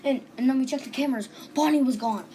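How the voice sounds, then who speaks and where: A woman's voice: sits high, fast, warm tone, slight background noise, rough recording. A woman casually retelling a dream, rambling and restarting with lots of "and then", on a home recording. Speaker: storyteller.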